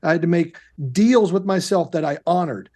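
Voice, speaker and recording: A man in his fifties, a guest on a podcast, telling candid stories and breaking into loud self-coaching outbursts. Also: fairly high pitch, moderate pace. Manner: animated, shifts into loud self-coaching shouts. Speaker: guest, actor and comedian. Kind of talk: candid conversational storytelling. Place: podcast studio.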